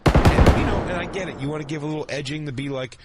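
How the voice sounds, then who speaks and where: Brief: male comedy podcast host, slightly high voice, crude rambling banter, loud gunfire noise behind. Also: fast talker. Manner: crude, rambling, laughs often. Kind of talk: casual comedic chat.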